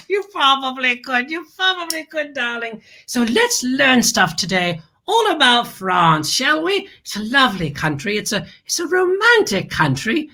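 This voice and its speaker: Flamboyant glam hostess for kids, high bright voice, swooping delivery, darling-dropping. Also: female voice, big pitch swings, unhurried, exaggerated voice. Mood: gushing. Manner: flamboyant, calls everyone darling. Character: grand, gushing, glamorous lady show host. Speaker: host. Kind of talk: theatrical kids' show hosting.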